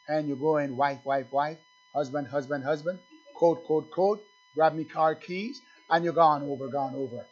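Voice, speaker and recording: High-voiced preacher in a lo-fi sermon. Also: male voice, normal speed, breathy edge. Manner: call-and-response preaching, acts out dialogues.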